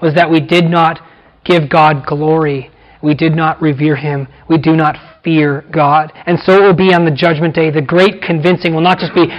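A man preaching an expository sermon, repeating key words and slowing down for emphasis. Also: fairly high pitch, highs cut off. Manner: emphatic, repeats phrases, slows down for weight.

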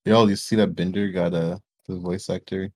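Chill young dude, lowish voice, dry close sound. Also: male voice, little pitch movement, moderate pace, dry recording. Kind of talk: casual chat among friends.

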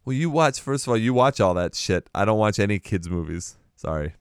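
Casting: blunt, swearing male co-host, low and smooth voice. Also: lively intonation, a little fast, no room sound, studio quality. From Boston area. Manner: blunt, swears, laughs often. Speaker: podcast co-host. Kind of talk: casual chat.

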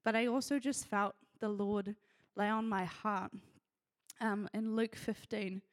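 A woman's voice: mid-range voice, steady tone, measured pace. A woman giving an earnest, emotional sermon to a church, often laughing as she speaks.

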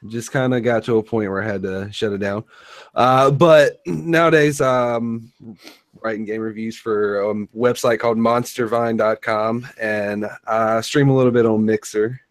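A man's voice: lowish voice, measured pace, dry recording. Laid-back man, dry close sound. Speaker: podcast guest, former radio show host. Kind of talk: casual podcast chat.

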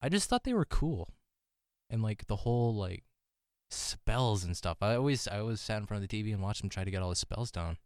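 A young man in casual chat as a podcast guest, laid-back and quick to laugh. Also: on the low side, expressive, darkish tone, clean tone, dry recording, studio quality. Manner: laid-back, laughs easily, tries silly voices.

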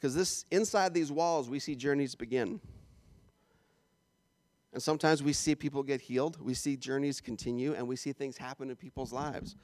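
A man from Canada preaching a sermon as pastor, animated and jokey with playful asides. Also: medium pitch, normal speed, no room sound.

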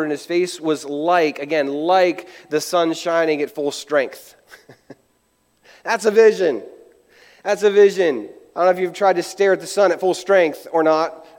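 A man's voice: high voice, big-room sound. A male pastor preaching in a conversational way, acting out quotes and restarting his sentences. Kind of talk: sermon.

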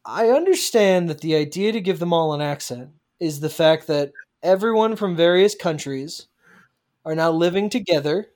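A woman's voice: low-pitched, a little mellow. A woman co-hosting a casual podcast, ranting animatedly about a film and laughing often. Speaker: podcast co-host. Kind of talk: casual chat.

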